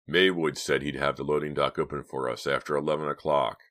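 A man's voice: rumbling low, flat delivery, a little fast, fairly bright tone, no room sound. A man voicing an impatient, bossy teenage boy who talks in a curt, exasperated way.

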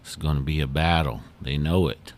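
A man hosting a podcast who tells a story in an unhurried, folksy way with fillers. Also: rumbling low, fairly even intonation. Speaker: podcast host. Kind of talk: oral storytelling.

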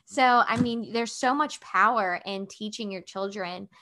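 A woman co-hosting a casual couples podcast, telling stories in a rambling, animated way full of filler words. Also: medium pitch, unhurried. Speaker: podcast co-host.

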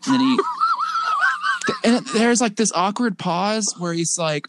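A man's voice: on the high side, huge pitch swings, moderate pace, fairly bright tone, no room sound. A man co-hosting a podcast, casually recapping a show with rambling asides and laughter. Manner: rambling, laughing, acts out quotes. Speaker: podcast co-host. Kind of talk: casual chat recapping wrestling.

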